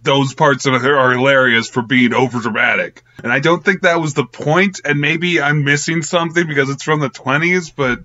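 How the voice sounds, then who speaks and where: Bright-voiced rambling young man reviewer. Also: medium pitch, normal speed, hardly any pauses. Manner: rambling, filler-heavy, giggly. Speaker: film reviewer. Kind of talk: casual film review. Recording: slightly muffled lo-fi audio.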